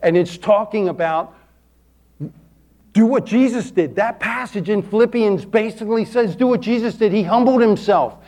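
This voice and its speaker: A man's voice: sits high, normal speed, a little mellow. A man pastor preaching a folksy, emphatic sermon to his congregation in a church, repeating words for stress and asking for amens. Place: church sanctuary.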